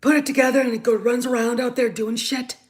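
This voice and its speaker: A woman hosting her own show, ranting in anger, swearing freely, stammering and repeating herself, dropping from shouts to muttered asides. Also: fairly high pitch, steady tone, fast talker. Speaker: show host. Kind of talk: angry ranting commentary.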